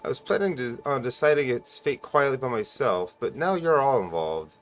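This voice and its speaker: A man voicing a fed-up young man who shouts contemptuous threats while holding a wand. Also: medium pitch, lively intonation, moderate pace, faint music behind, voice pushed up, close to an everyday voice. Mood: furious.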